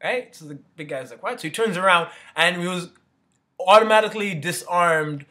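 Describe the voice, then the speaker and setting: A man's voice: sits high, moderate pace, pushed and bright. A man giving a casual motivational talk, rambling and peppering his sentences with "you know" and "right?". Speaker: motivational speaker.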